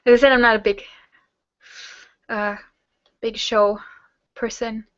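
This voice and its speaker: A woman's voice: fairly high pitch, level tone, takes it slowly, a bit bright, dry recording, lo-fi sound. A young German woman answering viewer questions in a casual online hangout, rambling with lots of fillers as she reads questions aloud and answers them.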